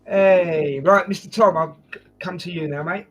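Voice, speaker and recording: A man's voice: high-pitched, normal speed, lo-fi sound, faint music behind. A man hosting a casual football preview chat, joking and calling his guests mate. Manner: jokey, chatty, addresses guests as mate. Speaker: host.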